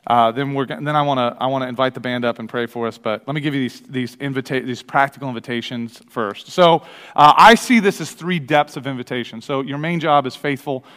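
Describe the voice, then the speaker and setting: Midwestern male pastor, energetic, rapid conversational sermon, reverberant church hall. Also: medium pitch. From American Midwest. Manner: energetic, conversational, many restarts and acted-out quotes. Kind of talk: sermon with personal stories. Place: church sanctuary. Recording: long reverb of a large hall.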